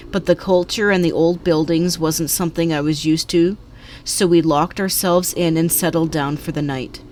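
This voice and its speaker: Low-voiced woman narrating scary stories. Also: slight background noise. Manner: calm storytelling.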